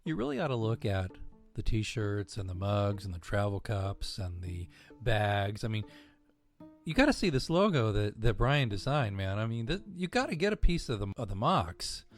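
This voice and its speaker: A man's voice: fairly low pitch, sing-song, moderate pace, soft background music. A man co-hosting a fan podcast, talking casually and rambling upbeat about the show and its merchandise. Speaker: podcast co-host.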